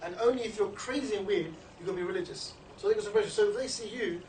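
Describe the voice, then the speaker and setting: A man's voice: fast, a little mellow. A man giving an informal training talk to a group, chatty and often checking in with "you know" and "yeah?". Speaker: street outreach trainer. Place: indoor meeting room. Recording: low-quality recording, distant mic in an echoey room with background noise.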